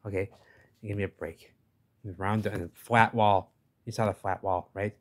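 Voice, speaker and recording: A man with a fairly low voice commenting over video footage. He talks emphatically and dismissively, circling back to the same catchphrases again and again. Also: fairly even intonation, normal speed.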